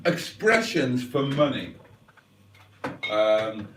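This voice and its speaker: Bloke rambling on a livestream, self-mocking, keeps clearing his throat, mic a bit far off. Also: medium pitch, sing-song, drawn-out words, fairly bright tone, a little hiss or hum. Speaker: livestream host. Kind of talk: rambling casual chat to viewers. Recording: roomy sound, mic at a distance.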